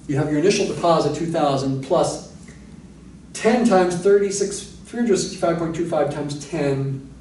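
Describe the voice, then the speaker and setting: A man with a fairly high voice works through equations in a recorded university lecture, thinking aloud as he goes. His voice echoes in the room and sits a little back from the microphone, with a faint hiss of noise behind it. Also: moderate pace, darkish tone, recorded from a distance. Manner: explains step by step, thinking aloud with asides. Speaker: math lecturer.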